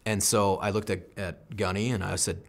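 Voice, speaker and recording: A deep, low-pitched American man in his thirties tells a war story in an interview. He recounts the action intensely in the first person and slips into the voices of the people involved. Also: level tone, normal speed, gravelly. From United States. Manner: intense first-person combat recounting, acts out quoted lines. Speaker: military veteran guest.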